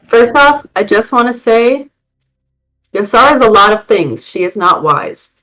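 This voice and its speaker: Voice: medium pitch, expressive, a little slow, sharp tone, faint music behind, poor audio. A player in a tabletop game who makes wry jokes and keeps to short replies. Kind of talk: casual tabletop play.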